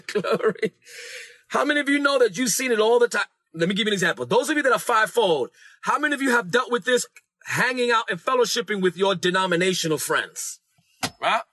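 A man's voice: sits high, animated, normal speed, sharp tone, dry recording. A man preaching a sermon, emphatic, repeating lines and urging listeners to say them back.

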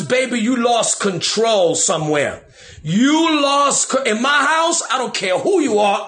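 A man preaching as a pastor, animated and slangy, acting out his own prayers. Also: high-pitched, roomy sound. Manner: animated, slangy, quotes himself. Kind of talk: preaching on deliverance.

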